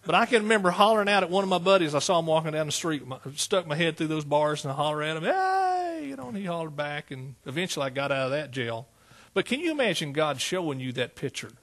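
A pastor preaches a sermon, moving between plain storytelling and bursts of exclamation. His voice is husky and sits somewhat high for a man. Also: fast, a bit bright.

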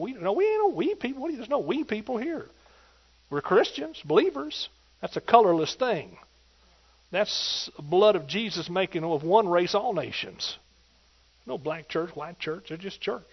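In a dull, lo-fi recording with muffled highs, a preacher drives home each point of his sermon with emphatic call-and-response energy toward the congregation. His voice is high and ringing, yet gravelly.

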